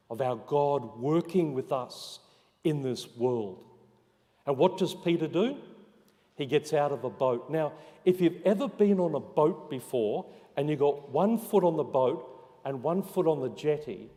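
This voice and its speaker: Priest preaching in a reverberant church. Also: male voice, a little high. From Australia. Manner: storytelling, dropping to soft hushed emphasis. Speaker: parish priest. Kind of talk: homily.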